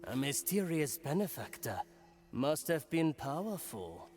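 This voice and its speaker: An actor playing a grim pirate crewmate in a video game, speaking in short, measured phrases. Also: male voice, on the high side, very animated, darkish tone, a little hiss or hum.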